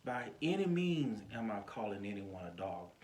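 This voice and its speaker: A man preaching an informal online sermon as pastor, talking in a chatty, animated way and chuckling now and then, recorded on a phone. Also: lowish voice, moderate pace. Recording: echoey room.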